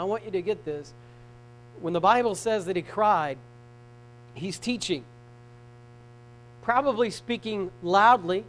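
A man preaching a sermon in a church, reading scripture aloud and swinging from soft, slow passages to loud shouting. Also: sits high, rough recording. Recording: mains hum. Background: hum.

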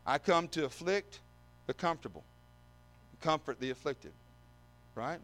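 Male preacher with a high, bright voice; emphatic delivery with dry humor. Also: animated, unhurried. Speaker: visiting preacher. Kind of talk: sermon with scripture reading.

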